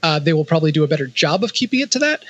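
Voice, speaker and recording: A man's voice: fairly high pitch, sing-song, very fast, no room sound, dull audio. A man co-hosting a podcast in casual chat, full of dry quips and offhand asides. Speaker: podcast co-host.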